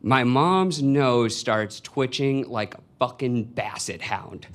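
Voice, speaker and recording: A young man in his twenties telling a confessional personal story to a live audience. He speaks slowly and deliberately, with wry asides, at a middle pitch for a man. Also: fairly bright tone. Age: 20s. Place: stage before a live audience.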